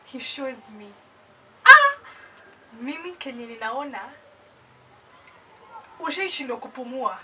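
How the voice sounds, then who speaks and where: A young woman from Kenya with a Kenyan accent, telling a personal story in an animated, casual storytime voice that mixes English with Swahili slang. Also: high voice, measured pace, long pauses, far from the mic, a little hiss or hum, low-quality recording.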